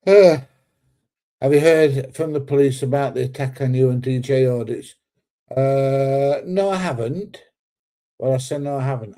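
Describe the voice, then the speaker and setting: Chatty man, mellow voice. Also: medium pitch. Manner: chatty, reads viewer comments aloud, loose and rambling. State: recovering from illness, slightly short of breath. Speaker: livestream host. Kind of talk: casual livestream chat.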